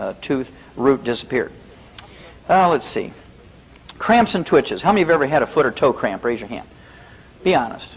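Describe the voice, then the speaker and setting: Fast-talking, joking Midwestern man lecturing. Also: medium pitch, in a large hall. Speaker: veterinarian and physician giving a health lecture. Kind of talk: folksy lecture to a live audience. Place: lecture hall with audience. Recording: muffled lecture recording with faint hiss.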